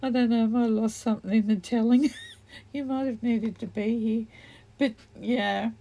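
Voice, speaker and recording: A woman's voice: a little high, fairly even intonation, normal speed, warm tone. A middle-aged woman chatting casually while crafting, rambling and laughing often. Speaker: craft video host.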